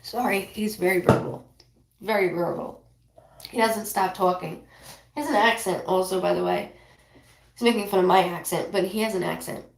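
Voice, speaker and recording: A woman's voice: mid-range voice, creaky, roomy sound. Rambling, apologetic woman medium. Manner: rambling, apologetic, relays messages in quick bursts. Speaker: psychic medium. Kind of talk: live reading on a stream.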